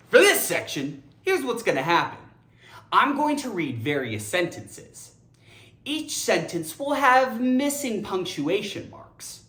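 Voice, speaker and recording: A woman's voice: mid-range voice, slow, echoey room. A woman teaching English grammar in a playful video lesson, theatrical and talking straight to her viewers. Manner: animated, theatrical, addresses viewers directly.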